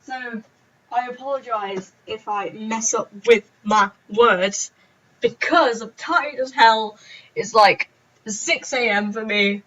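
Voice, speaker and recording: A woman's voice: fairly high pitch, slow pace, a bit bright. A young woman chatting in a rambling, giggly, self-mocking way on a casual story-time vlog. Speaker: vlogger. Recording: dull lo-fi recording.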